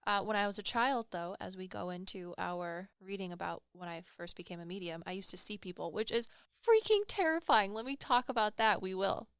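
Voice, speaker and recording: Brief: woman podcast co-host, rambling and self-deprecating storyteller, smooth voice, dry close mic. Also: medium pitch, fairly quick, hardly any pauses, fairly bright tone, no echo. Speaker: podcast co-host and psychic medium. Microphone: studio microphone.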